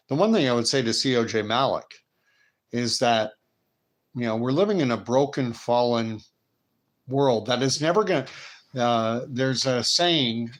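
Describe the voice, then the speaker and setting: A man with a Canadian accent hosts a casual live-stream commentary. His voice sits at an ordinary middle pitch. He talks loosely and digressively, reading viewer messages aloud between asides. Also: fairly bright tone. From Canada and the United States. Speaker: host.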